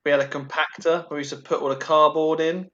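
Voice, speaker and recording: A man's voice: a little high, little pitch movement, fast talker, a bit bright. A man joining a podcast as a guest, chatting casually and reacting briefly. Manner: brief reactions and short anecdote. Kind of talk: casual banter. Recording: dull lo-fi sound.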